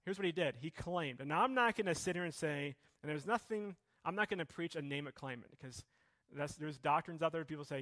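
A man's voice: a little high, brisk, fairly bright tone. A middle-aged male pastor preaching a sermon with passion, his voice rising and falling.

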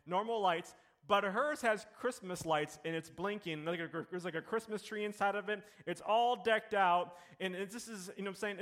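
A man's voice: high-pitched, fairly bright tone. A man in his thirties preaching a sermon as pastor, telling a story and moving into emphatic appeals to the congregation.

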